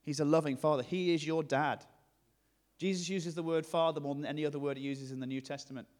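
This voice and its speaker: A man's voice: fairly high pitch, fast talker. A man with a northern English accent preaching a conversational, jokey sermon in a church hall. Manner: lively, conversational, jokey preaching with sudden shifts between hushed and loud.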